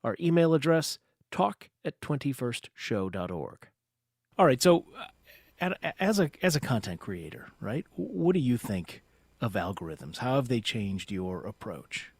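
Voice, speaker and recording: A male public radio host with an animated, lively pitch, recorded dry and close. His station reads are polished, but his questions wander loosely. He sounds at ease on air. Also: a little slow, husky, dry recording. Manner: polished broadcast delivery with loose, rambling questions. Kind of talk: public radio interview hosting.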